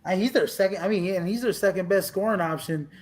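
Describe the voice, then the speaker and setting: A man's voice: high-pitched, fast talker. A man co-hosting a sports podcast, talking casually and animatedly with lots of fillers and restarts. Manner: animated, talks over others, many fillers and restarts. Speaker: podcast co-host.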